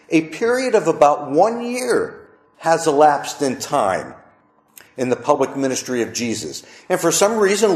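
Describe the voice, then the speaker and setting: Pastor, male, fairly high voice, lively sermon delivery, echoey room. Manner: animated preaching with wide pitch swings.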